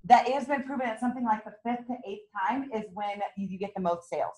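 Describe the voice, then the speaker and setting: A woman's voice: fairly high pitch, fast, darkish tone, rough recording. A woman leading a sales meeting, giving a bubbly motivational talk to a small group and laughing often. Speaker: team leader running a sales meeting.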